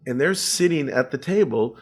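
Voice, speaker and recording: A man's voice: medium pitch, expressive, moderate pace. An older man, a musician guest in an interview, animatedly telling a story and acting out the voices of the people in it.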